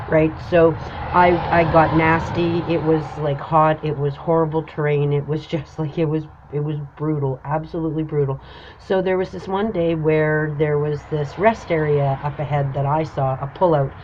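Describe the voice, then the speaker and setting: A woman hosts her own show and tells a personal story in a casual, emphatic way, filling it with "like" and "you know". Her voice sits a little low. The recording is dull and lo-fi, with a faint hiss behind her. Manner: animated, emphatic, many fillers. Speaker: host.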